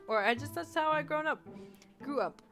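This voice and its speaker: This high-pitched, fairly bright young woman in her twenties talks at normal speed during a game stream, reading chat as she plays. Her let's-play chatter is giggly and rambling with lots of fillers, over faint game music.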